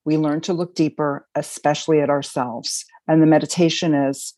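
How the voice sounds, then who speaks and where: A middle-aged woman sharing her recovery story, speaking in an emotional, halting and reflective way. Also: low-pitched, steady tone, mellow, dry recording, poor audio. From Baltimore, Maryland. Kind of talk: personal sharing.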